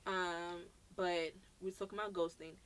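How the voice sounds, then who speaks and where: A Brooklyn woman co-hosts a podcast, telling a story in casual chat with a lowish, clear, resonant voice at normal speed. She's animated, acting out the quoted dialogue and swearing freely.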